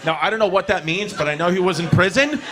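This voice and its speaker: Drunk guy doing stand-up, high voice, brash and swearing, loud noisy recording. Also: lively intonation, quick pace. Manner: brash, profane, shouting punchlines. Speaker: stand-up comedian. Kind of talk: stand-up comedy routine.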